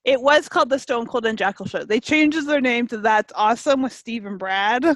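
A woman's voice: a little high, normal speed, no room sound. A woman chatting casually on a podcast, giggly and full of "like". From Canada. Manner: chatty, giggly, lots of "like" and laughs. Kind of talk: casual chat.

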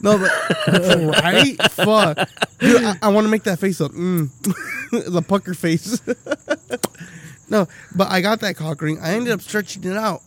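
High-voiced man telling a profane story. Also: measured pace. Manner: profane, animated storytelling with lots of laughing. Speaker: podcast co-host. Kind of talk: casual chat.

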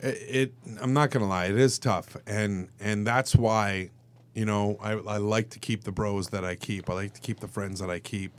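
A man, an actor guest on a radio show, telling stories in a casual, animated way and acting out the voices of the people in them. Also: lowish voice, moderate pace, smooth. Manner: animated, acts out quoted voices, turns emotional. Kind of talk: casual storytelling in a radio interview.

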